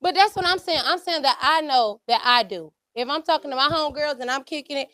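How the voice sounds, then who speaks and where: High-voiced woman from Detroit, casual and emphatic. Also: fairly quick, bright, forceful tone, no room sound. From Detroit, USA. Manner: casual and emphatic, keeps saying "you know what I'm saying". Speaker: panelist. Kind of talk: casual panel debate.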